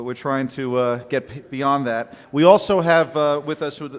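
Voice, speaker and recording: A man hosting a conference session, introducing the next speaker in a friendly, halting way full of "uh" and "um". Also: medium pitch. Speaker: conference host. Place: conference hall. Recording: long hall reverb.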